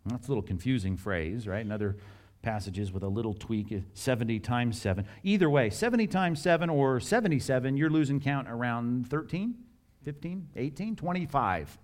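A middle-aged man preaching a sermon in an animated, conversational way, with jokes and asides and acted-out scripture dialogue. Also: medium pitch, moderate pace. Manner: acts out scripture dialogue in varied voices. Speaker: pastor.

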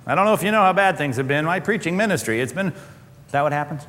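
Man, pastor, sermon, lively swinging pitch, acts out quoted voices, church hall reverb. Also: quick pace.

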